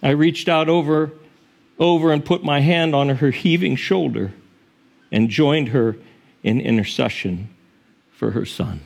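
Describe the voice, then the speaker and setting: A male pastor preaching a sermon in an earnest, expressive storytelling manner, sometimes correcting himself mid-word. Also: on the high side, unhurried, creaky, long pauses.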